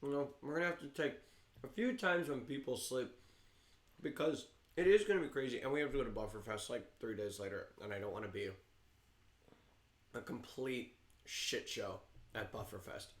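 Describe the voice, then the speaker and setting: A man's voice: medium pitch, fast talker, echoey room. A man co-hosting a casual livestream, chatty and rambling, often restarting his sentences. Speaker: livestream co-host.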